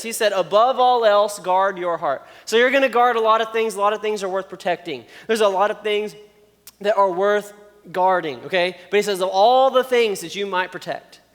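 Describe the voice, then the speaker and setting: A man with a somewhat high voice giving a casual youth sermon, telling stories and checking in with his young listeners. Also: fairly bright tone. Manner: chatty storyteller, checks in with "okay?". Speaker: youth speaker. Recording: long reverb of a hall.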